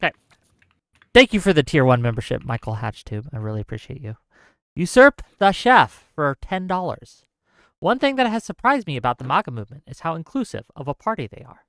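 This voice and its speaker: Smooth-voiced man reading donations. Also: on the high side, sing-song, fairly bright tone, no room sound, clean studio sound. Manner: reads paid messages aloud in a brisk run. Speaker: stream host reading donations. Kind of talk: casual live-stream chat.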